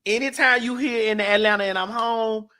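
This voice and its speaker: A woman's voice: on the high side, fairly even intonation, normal speed, bright, forceful tone. A woman hosting a talk show, brash, playful and profane in casual chat with her guest. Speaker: host. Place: home.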